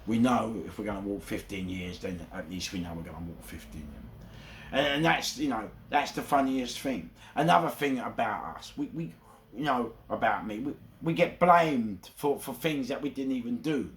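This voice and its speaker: A man's voice: medium pitch, normal speed. A man with a London accent, telling his own story in a casual, streetwise monologue full of rhetorical asides. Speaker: self-described gangster telling his story.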